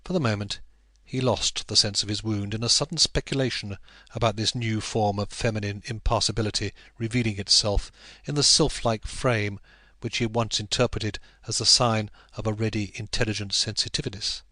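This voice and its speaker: Reading a classic novel as an audiobook narrator, a man keeps his storytelling measured and even. His voice is on the low side, with no echo in the recording.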